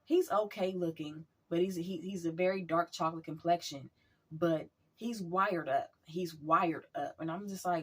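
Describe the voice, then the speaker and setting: A woman casually telling a personal story as a vlogger, chatty and animated, acting out quotes. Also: lowish voice, normal speed, husky.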